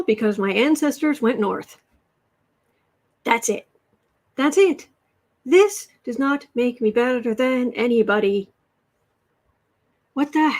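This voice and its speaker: Husky-voiced American woman livestreaming. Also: high voice. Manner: exasperated, reads headlines aloud, coos to her cat. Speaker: livestream host. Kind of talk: casual political livestream chat.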